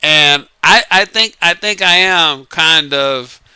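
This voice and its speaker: Speaking slowly in a slightly high, sharp, smooth voice, a man from New Orleans, Louisiana offers dating advice with a light Southern accent. His monologue is casual and emphatic, circling back over his points and broken up by chuckles. The recording is dry.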